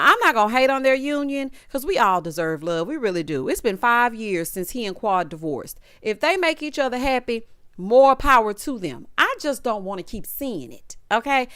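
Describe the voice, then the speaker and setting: Sassy woman with a lively voice. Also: on the high side, dry recording, clean studio sound. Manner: sassy, talks to viewers directly, acts out cast members' lines. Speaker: reality TV recap host. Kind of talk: casual opinionated recap.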